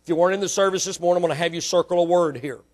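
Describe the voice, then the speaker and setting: High-voiced preacher. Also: male voice, very fast. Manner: preaching with rising emphatic bursts and direct questions to the congregation. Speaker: pastor. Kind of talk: sermon. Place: church.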